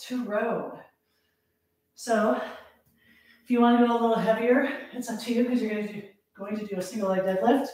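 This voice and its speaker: A woman fitness instructor leading a live workout, counting reps aloud, out of breath and laughing at herself. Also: a little high. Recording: echoey room, voice from a distance.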